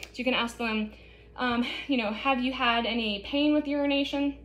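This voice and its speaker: A woman's voice: fairly high pitch, fairly even intonation, normal speed, a bit bright, muffled recording. Casual woman teaching a nursing demonstration. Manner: casual, explanatory, many fillers. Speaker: nursing instructor. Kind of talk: demonstration lesson.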